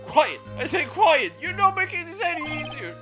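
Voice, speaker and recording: A streamer plays a stern middle-aged man who barks short, commanding orders. The voice is pitched up and animated. Loud game music runs behind it. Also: normal speed. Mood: scolding. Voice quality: sharp, commanding shouting.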